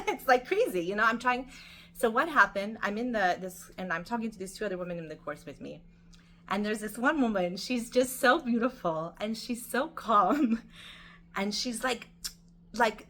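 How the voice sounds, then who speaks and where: A middle-aged woman giving an informal weekly Torah talk, chatty and animated, full of fillers and restarts. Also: mid-range voice, a little hiss or hum. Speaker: Torah teacher.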